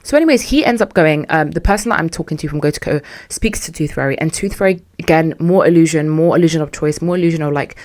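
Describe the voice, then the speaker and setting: A young adult woman hosting a podcast, telling a story in a casual, animated and exasperated way, full of slang. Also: sits low, fast. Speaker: podcast host.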